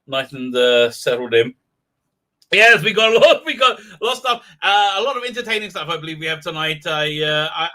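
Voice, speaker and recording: Giggly rambling man with a bright voice. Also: a little high. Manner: giggly, rambling, with many fillers. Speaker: livestream host. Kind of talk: rambling comedic monologue.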